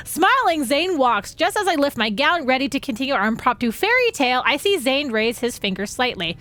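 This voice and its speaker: A young woman streaming a game, excitable and giggly, gushing as she reads the dialogue aloud. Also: sits high, unhurried. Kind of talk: gaming livestream commentary. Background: game music.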